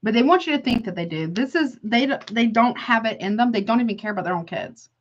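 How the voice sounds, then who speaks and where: A woman's voice: fairly high pitch, animated, fast talker, muffled recording. A woman giving a casual tarot reading, blunt and emphatic, often exclaiming and calling the listener honey. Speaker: tarot reader.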